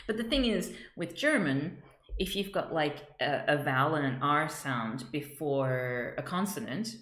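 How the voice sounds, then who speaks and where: A woman chatting casually on a live stream as she works, halting and laughing often as she greets viewers. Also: low voice, lively intonation, fairly bright tone, roomy sound. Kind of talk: casual live-stream chat while working.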